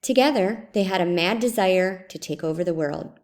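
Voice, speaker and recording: A woman's voice: lowish voice, normal speed. A woman teaching a writing lesson in a screencast, explaining step by step and repeating example sentences aloud.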